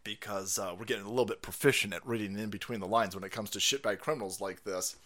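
A man's voice: lowish voice, fast, background noise. A man, a streamer delivering a foul-mouthed, incredulous conspiracy rant.

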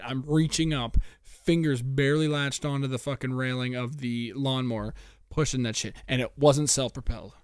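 A man's voice: mid-range voice, moderate pace, clean tone, no echo, studio quality. A young man hosting a solo podcast, ranting with lots of swearing and stammered restarts. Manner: profane, animated ranting with frequent stammered restarts. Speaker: podcast host.

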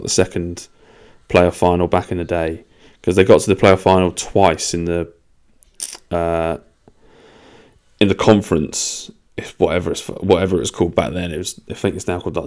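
A young man with a very deep, clear and smooth voice rambles through a casual solo podcast. His talk is loose and peppered with swearing. He keeps laughing at his own expense. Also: a little mellow. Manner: loose, sweary and self-mocking. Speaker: podcast host.

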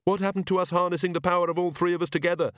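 A prim young queen-witch, as a male reader acts her, fussy and indignant, pitched well above his own voice. The sound is dry and close in a storybook reading. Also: big pitch swings, brisk, a bit bright, no room sound.

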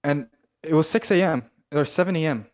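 A man's voice: fairly high pitch, a little fast, a little mellow. A young man from Canada, co-hosting a podcast in casual chat, rambling and swearing with lots of restarts. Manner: rambling, loose, swears a lot, many restarts. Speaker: podcast co-host.

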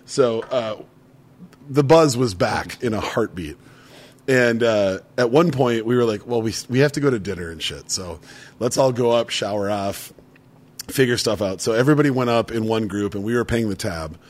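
A man's voice: on the low side, lively intonation, normal speed. A man in his thirties telling a story in casual chat, laughing often and swearing freely. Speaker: podcast co-host.

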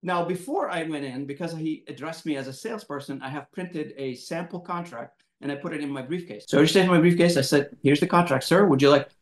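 A man hosting an interview, telling a personal story in a lively, animated way and acting out quotes. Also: on the high side, brisk, hardly any pauses, roomy sound. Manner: animated, laughing storyteller who acts out quotes. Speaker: podcast host, moderator. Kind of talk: casual storytelling in conversation.

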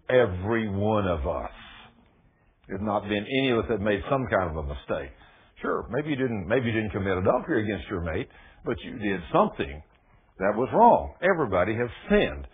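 A male preacher, giving a folksy sermon that builds into loud, emphatic preaching. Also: lowish voice, slightly rough. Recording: muffled phone-like radio broadcast.

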